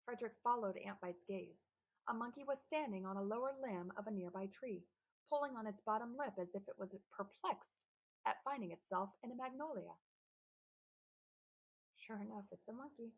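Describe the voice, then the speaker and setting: Woman narrator, children's novel, gravelly, husky, steady lightly animated storytelling. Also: mid-range voice, a little fast, rough recording. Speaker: audiobook narrator.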